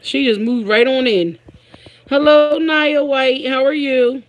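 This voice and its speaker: A woman's voice: high voice, takes it slowly, highs cut off. A woman hosting a casual live stream, chatting with her viewers and reading their comments aloud, laughing often. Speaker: livestream host.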